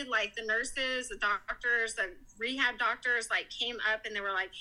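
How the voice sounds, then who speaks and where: A woman with a very bright, slightly high voice tells an emotional story as a podcast guest. She talks animatedly and acts out the people she quotes. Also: moderate pace, rough recording. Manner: animated, quoting others in lively voices. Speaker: guest, mother.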